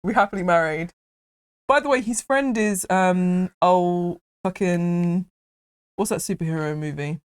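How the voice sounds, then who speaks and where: A woman casually retelling a film, animated and laughing as she acts out the characters. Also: lowish voice, unhurried, clean tone.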